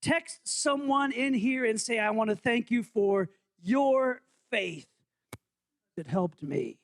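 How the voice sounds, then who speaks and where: A man's voice: extremely high pitch, lively intonation, slow pace, gravelly. A male pastor giving a playful, interactive sermon in a church, quizzing the congregation. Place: church sanctuary.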